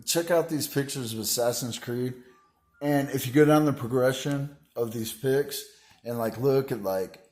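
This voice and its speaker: A man's voice: mid-range voice, a little mellow. Rambling, grandiose man talking to camera. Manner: meandering, full of "you know" and "like" fillers; grandiose, preachy. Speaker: vlogger.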